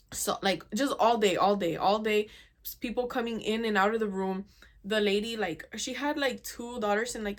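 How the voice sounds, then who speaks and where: A young woman hosting a casual storytime chat, animated and exasperated, full of "dude" and "oh my God.". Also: a little high. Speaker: podcast host.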